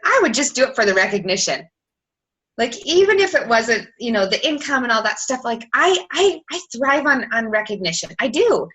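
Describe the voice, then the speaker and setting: A woman in her thirties talking fast and chattily as a team coach, her voice bright and forward. She fills her talk with "like" and slips into little acted-out messages and reactions. Her pitch sits right in the middle. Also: poor audio. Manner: fast, chatty, lots of "like", acts out quoted messages. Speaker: sales team coach on a team call.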